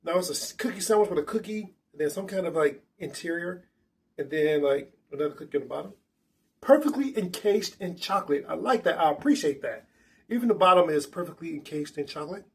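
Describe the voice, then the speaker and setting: A man's voice: fairly high pitch, lively intonation, a little fast, husky. A man hosting a casual snack tasting vlog indoors at a table, chatty and enthusiastic with loose restarts. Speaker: food vlogger.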